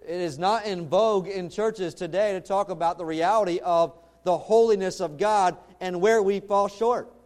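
A man's voice: high-pitched, moderate pace, few pauses, a little mellow. A man preaching a sermon, a father of five who tells family stories in a loose, conversational way with frequent restarts. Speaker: pastor.

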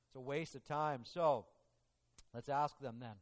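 A man's voice: medium pitch, measured pace. A male preacher delivering a dramatic, emphatic sermon, often restarting his phrases. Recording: long reverb of a large hall.

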